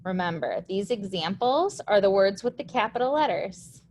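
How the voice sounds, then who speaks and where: A woman's voice: medium pitch, animated, normal speed, a little mellow, slight background noise. A young woman, teaching a recorded lesson patiently, step by step.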